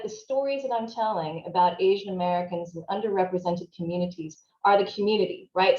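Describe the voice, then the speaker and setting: A woman's voice: medium pitch, a little mellow. A woman, a writer and performer, speaking thoughtfully as an interview guest, searching for words with many casual fillers. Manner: thoughtful, searching, frequent "you know" and "like" fillers. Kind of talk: reflective conversational interview. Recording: roomy, dull lo-fi sound.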